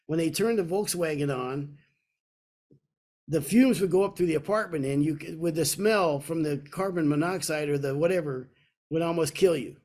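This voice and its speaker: A man in his sixties from Kentucky, co-hosting a podcast and telling a personal story in a casual, animated way. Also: a little high, moderate pace. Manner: animated storyteller, acts out voices in quotes. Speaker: podcast co-host.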